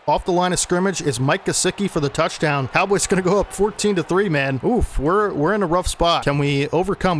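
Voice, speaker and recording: A man giving casual play-by-play commentary on the football video game he is playing, sportscaster-style, often adding "man" and getting exasperated at bad plays. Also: fairly high pitch. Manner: exasperated when plays go wrong. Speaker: gaming YouTuber.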